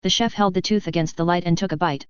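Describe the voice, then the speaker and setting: A woman reads a first-person fan story aloud at a steady, plain pace. Her voice is lowish, very smooth and clear, recorded dry with a slightly dull, lo-fi sound. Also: quick pace, no echo. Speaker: narrator.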